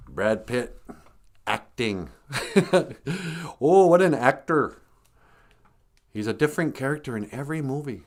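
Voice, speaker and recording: A man's voice: fairly low pitch, lively intonation, moderate pace, long pauses. An older man hosting a casual livestream, greeting viewers and telling joking stories with frequent chuckles. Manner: joking, storytelling, chuckles often. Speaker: livestream host.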